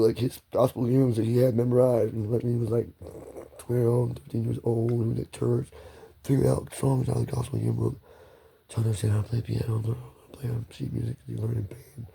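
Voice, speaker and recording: A man's voice: on the low side, fairly quick, creaky, mellow, husky. A man rambling through a solo monologue, swearing, restarting and apologizing often.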